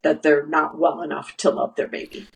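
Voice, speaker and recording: A woman's voice: low voice, little pitch movement, normal speed, gravelly, rough recording. A woman guest in an interview, telling stories earnestly with lots of restarts and acted-out quotes. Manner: earnest storyteller, acts out quoted dialogue, many restarts. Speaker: guest, nursery founder. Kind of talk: conversational interview.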